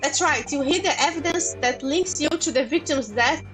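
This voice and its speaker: A woman's voice: sits high, normal speed, fairly bright tone, soft background music, poor audio. A woman voicing a boastful, grandiose male detective as she reads game dialogue aloud. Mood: declaiming. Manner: grandiose, theatrical.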